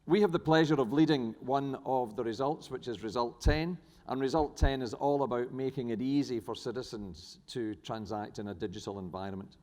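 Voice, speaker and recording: A man's voice: medium pitch, normal speed, hardly any pauses, darkish tone. A middle-aged man with a New Zealand accent giving a conference panel talk, hesitant with many fillers and restarts, and a dry sense of humour. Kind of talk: conference presentation. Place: large conference hall. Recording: echoey conference hall.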